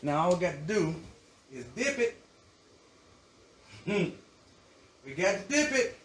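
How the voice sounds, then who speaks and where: A cooking-show host who gushes and chats nonstop with his viewers. His voice sits fairly high for a man. He is picked up from a distance in an echoey kitchen, with faint background noise. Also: big pitch swings, a little slow, a bit bright. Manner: chatty and effusive, savoring food aloud. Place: home kitchen.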